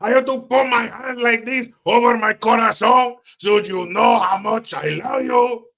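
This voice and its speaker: A man voicing a mocking impression of a woman politician who gushes loudly with fake Spanish flourishes. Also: very high-pitched, fairly even intonation, a little slow, creaky, pitched above the performer's own voice, exaggerated voice. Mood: gushing. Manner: gushing, over-the-top, loud.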